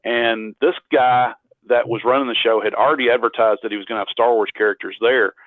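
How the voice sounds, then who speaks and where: A man's voice: medium pitch, steady tone, a little fast, dry recording. A man tells a long story as a guest, rambling and poking fun at himself as he goes. He comes through a thin, phone-like line. The sound is dry and close, with no room around it. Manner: rambling, self-deprecating, with frequent restarts. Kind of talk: casual storytelling in an interview. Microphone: phone on a call.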